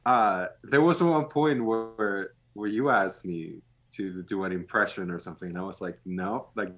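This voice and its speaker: A man's voice: fairly low pitch, moderate pace, a bit bright. A man in casual podcast chat, laughing often and speaking in a self-deprecating way.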